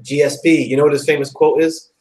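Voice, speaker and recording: Excitable rambling male live-show host. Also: a little high, fast, poor audio. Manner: excited, rambling, says like and dude a lot. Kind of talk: casual chat.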